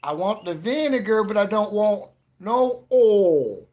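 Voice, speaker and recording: A man voicing a loud redneck customer with a Southern accent, shouting and stretching his words out slowly. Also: high voice, expressive, voice pushed up. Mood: insistent. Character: loud drawling redneck man ordering at a drive-through.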